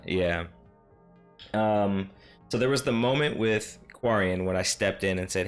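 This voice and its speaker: A man's voice: low voice, moderate pace. A man who is a dungeon master, rambling casually about his last game session, full of fillers and self-deprecating asides. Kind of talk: casual solo recap talk. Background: faint synth music.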